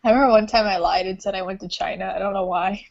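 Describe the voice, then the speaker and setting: A woman's voice: mid-range voice, steady tone, quick pace, vocal fry. Giggly teen girl on a lo-fi phone. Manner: giggly, rambling storyteller. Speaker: community call participant. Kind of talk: casual group chat. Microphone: cell phone. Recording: dull lo-fi phone audio.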